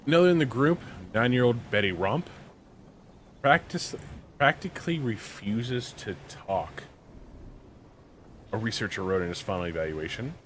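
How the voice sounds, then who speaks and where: Reading a story on a podcast he co-hosts, this man drifts into slangy, joking riffs between passages. His voice is on the low side and expressive, with a moderate pace, long pauses and slight background noise.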